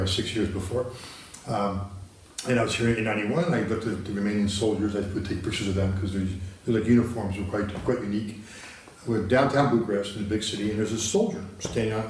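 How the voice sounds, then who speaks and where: A man's voice: fairly low pitch, darkish tone, recorded from a distance, a little hiss or hum. A man from the United States, a guest in a studio interview, telling stories casually with many restarts. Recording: very echoey, from the mic.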